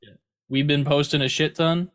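A man co-hosting a gaming podcast, animated and slipping into silly accents. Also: fairly high pitch, normal speed, smooth. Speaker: podcast co-host. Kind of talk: casual chat.

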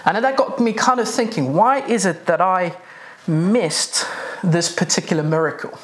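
A man's voice: sits high, moderate pace, fairly bright tone. A man preaching a sermon in a conversational way, with many fillers and restarts.

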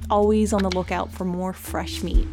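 A woman host giving measured, scripted story narration. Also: mid-range voice, level tone. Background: music score.

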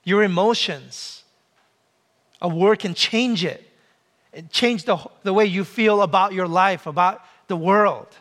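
A male pastor in his forties delivers a sermon like a conversation, asking questions and slipping in jokes. His voice sits fairly high for a man. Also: unhurried, a bit bright. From came to the US as a child. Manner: conversational preaching with humor and rhetorical questions.

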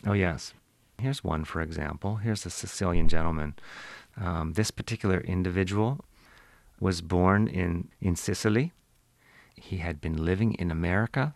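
A man's voice: low-pitched, vocal fry, no room sound. A man who is an accent archive expert, explaining in an interview in a lecturing manner.

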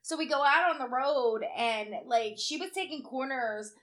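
A woman co-hosting a podcast in casual chat, telling tired, swear-filled stories in an animated way. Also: high-pitched, normal speed. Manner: swears freely, animated storytelling. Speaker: podcast co-host.

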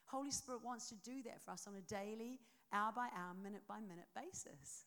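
A woman preaching a sermon and telling a personal testimony, with an animated storytelling manner full of fillers and restarts. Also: medium pitch, a little fast.

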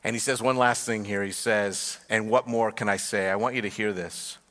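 A man's voice: on the low side, fairly even intonation, normal speed, a bit bright. A man, a pastor, preaching a sermon with storytelling that builds to emphatic passages. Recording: long hall reverb.

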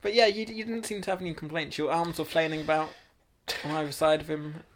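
A man's voice: a little high, fairly even intonation, fast talker, a little hiss or hum. A man co-hosting a comedy podcast, teasing his partner, laughing often and acting mock-exasperated. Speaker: podcast co-host.

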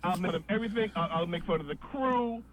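A man's voice: sits high, racing. A man, a comedian telling a long story on a podcast and acting out the voices in it. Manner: animated storyteller, acts out voices. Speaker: guest comedian. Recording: tinny phone-like line with faint noise.

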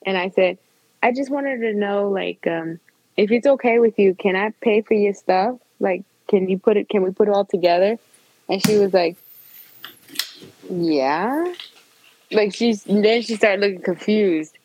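A woman in casual podcast conversation, telling a long personal story with animated retold dialogue. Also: medium pitch, moderate pace, a little hiss or hum, poor audio.

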